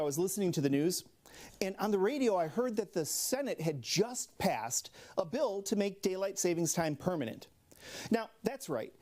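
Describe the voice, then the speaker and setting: A man with an Upper Midwest American accent runs a local talk show's comedy monologue. His pitch rises and falls a lot as he sets up jokes, and he laughs softly at his own punchlines. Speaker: late-night comedy host.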